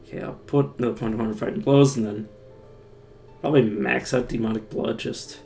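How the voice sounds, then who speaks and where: A man's voice: medium pitch, steady tone, brisk, creaky, a little mellow, faint music behind. A man streaming a game live, thinking aloud in a rambling, self-mocking way. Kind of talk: casual live-stream gameplay commentary.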